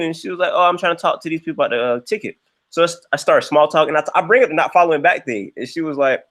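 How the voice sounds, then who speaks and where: Speaking rapid-fire, a young livestream host tells a story in a loose, lively way, switching to high-pitched voices whenever he quotes someone.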